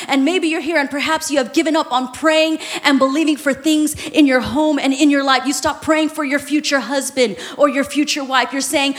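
A woman pastor preaching a sermon in a church sanctuary, impassioned, swinging from hushed tones to shouting. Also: high voice, fairly even intonation, a little fast, few pauses. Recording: reverberant church hall.

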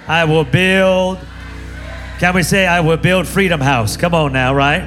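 A male guest preacher delivers a sermon with call-and-response energy, pushing his slightly raised voice toward shouts. Faint music sits beneath him. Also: a little high, moderate pace.

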